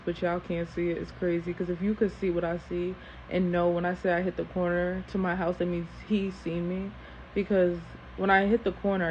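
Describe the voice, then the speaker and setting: A woman tells a personal story on camera in a casual, animated way, often repeating phrases for emphasis. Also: fairly low pitch. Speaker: storytime host. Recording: dull lo-fi sound with faint hiss.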